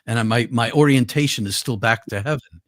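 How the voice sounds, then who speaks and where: A man's voice: mid-range voice, fairly quick, fairly bright tone, no echo. An older man with a mid-range voice recounts a personal story in an earnest, vivid way, often stopping to restart or repeat words. The sound is close and dry with no room around it. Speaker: guest.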